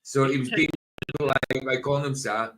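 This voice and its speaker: A man co-hosting a casual group chat show, joking and animated, often tripping over his words. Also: medium pitch, moderate pace. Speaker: podcast co-host.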